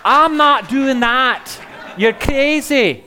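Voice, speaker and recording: Male comic doing a shrill, scolding Scottish lady, fed up and dismissive. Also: animated, extremely slow, some chatter behind, slight background noise, exaggerated voice. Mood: exasperated. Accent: Scottish (put on). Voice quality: high, loud and scolding. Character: exasperated Scottish woman, fed up with men.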